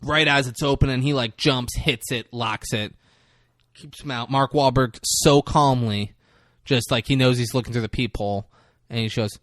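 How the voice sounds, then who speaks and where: A young man co-hosting a podcast, retelling a movie in a casual, profane, animated way. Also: medium pitch, moderate pace, no echo, studio quality. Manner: profane, animated storytelling with acted quotes. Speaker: podcast co-host.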